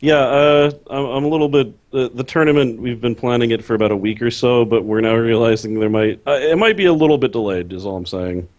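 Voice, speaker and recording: A man's voice: medium pitch, fairly quick, hardly any pauses, a little mellow, dry recording. A man co-hosting a casual podcast, talking hesitantly with many fillers and restarts.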